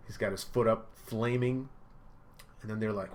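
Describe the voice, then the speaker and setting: A man hosting a casual reaction video, describing comic panels with excitement and shouted sound effects. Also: fairly low pitch, normal speed. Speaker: manga reaction video host.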